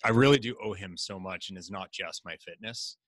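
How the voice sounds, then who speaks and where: A man's voice: low voice, fairly quick, no room sound, studio quality. A middle-aged man telling personal stories in an earnest, reflective way as a podcast guest, now and then acting out what others said. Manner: earnest, reflective, quotes others in lively asides. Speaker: podcast guest, life coach. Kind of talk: candid conversational storytelling.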